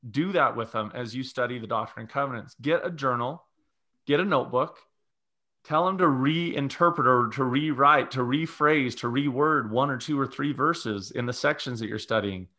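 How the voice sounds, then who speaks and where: A man's voice: medium pitch, normal speed, sharp tone. A man who is a guest religious educator on a podcast, speaking in a teacherly way and laying out numbered steps. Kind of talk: podcast conversation.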